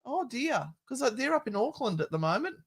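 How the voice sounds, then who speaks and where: A woman's voice: a little high, very animated, brisk, breathy edge. A middle-aged woman co-hosting a paranormal live stream, chatting in a jokey way with the odd swear word. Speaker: paranormal livestream co-host. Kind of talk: casual live-stream chat.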